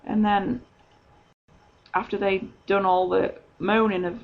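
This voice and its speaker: Husky, gravelly woman telling her story. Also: mid-range voice, measured pace. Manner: chatty storytelling, many ums. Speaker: podcaster. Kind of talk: personal faith testimony. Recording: dull lo-fi recording.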